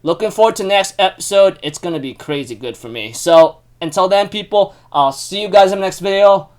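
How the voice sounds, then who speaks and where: A young man hosting a casual anime recap, excitable and full of fillers like "dude" and "you know". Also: sits high, a little fast.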